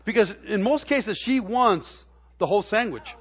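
A man's voice: high voice, lively intonation, normal speed, lo-fi sound, slight background noise. A middle-aged man preaching a sermon in a church, telling homey stories with stammered restarts and building to emphatic preaching. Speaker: pastor. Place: church sanctuary.

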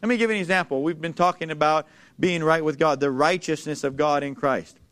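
Male preacher, high voice, smooth and resonant, emphatic, calls for responses, slow scripture reading. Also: fairly even intonation, a bit bright. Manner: emphatic, asks the congregation to repeat lines, slows for scripture. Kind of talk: sermon. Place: church before a congregation.

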